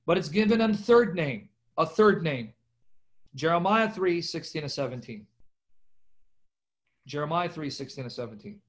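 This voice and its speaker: Emphatic male Bible teacher, slightly high voice, video-call audio. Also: moderate pace, pauses often. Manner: animated, emphatic, talks to viewers as "guys". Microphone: video call microphone.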